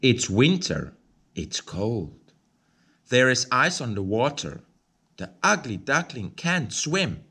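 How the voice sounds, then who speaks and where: Slow, expressive man reading a storybook. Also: mid-range voice, slightly rough. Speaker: storybook reader. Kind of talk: reading a children's picture book aloud.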